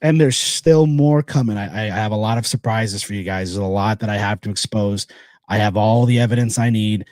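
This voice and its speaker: A man hosting a casual solo podcast, talking bluntly and rambling with repeated phrases between sponsor shout-outs. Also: on the low side, brisk, no echo, clean studio sound. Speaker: podcast host.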